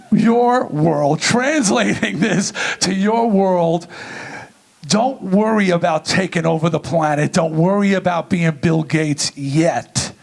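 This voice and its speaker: A middle-aged man giving a comedic, profane keynote and telling a story with lively energy. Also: high voice, vocal fry. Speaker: keynote speaker. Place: large event venue.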